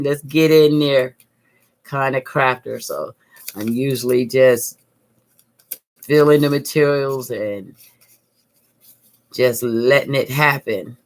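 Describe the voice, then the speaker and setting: Woman craft vlogger, unhurried, relaxed talk-along tutorial. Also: a bass voice. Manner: chatty, thinks aloud while working; calm, soothing.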